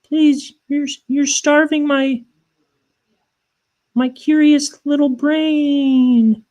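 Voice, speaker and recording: A man's voice: steady tone, very slow, darkish tone, lo-fi sound, full character voice. A man putting on the voice of a small child who whines and pleads for cartoons. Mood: pleading. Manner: high pleading whine, drawn out. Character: whiny little kid begging, small and pleading.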